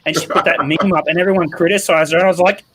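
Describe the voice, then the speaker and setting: A man's voice: sits high, steady tone, racing, noisy background. A man co-hosting a heated podcast chat, rambling with lots of fillers and talking over others. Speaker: podcast co-host.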